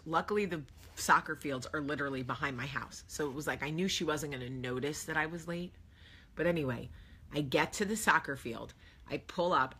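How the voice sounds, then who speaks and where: A woman in her thirties hosting a casual vlog, telling a parenting story in a lively conversational way. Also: sits low, slightly rough. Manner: animated, shouting when reenacting, conversational. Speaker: vlog host.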